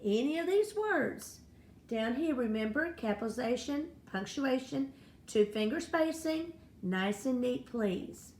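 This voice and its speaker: A woman's voice: high voice, expressive, unhurried, a little mellow. A woman teaching a first-grade spelling and phonics lesson, speaking patiently and encouragingly to young children. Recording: echoey room with faint noise.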